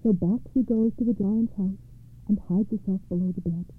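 A woman reading fairy tales aloud in a steady, rhythmic storytelling manner. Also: mid-range voice, normal speed, breathy edge. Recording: tinny phone-like audio.

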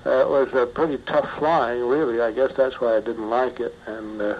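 Older man recalling flying days, halting. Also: mid-range voice, steady tone. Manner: halting, many pauses and fillers. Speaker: retired bush pilot. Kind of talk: oral history interview. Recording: muffled archival tape with faint hiss.

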